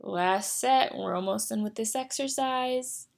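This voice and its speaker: A young woman leading a guided voice exercise lesson as a speech therapy instructor, giving clear, deliberate and encouraging instructions. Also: a little high.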